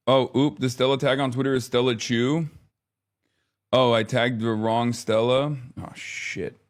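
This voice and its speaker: A man's voice: medium pitch, steady tone, a little slow. A man in his thirties chatting casually on a live stream, rambling, often exasperated, swearing now and then.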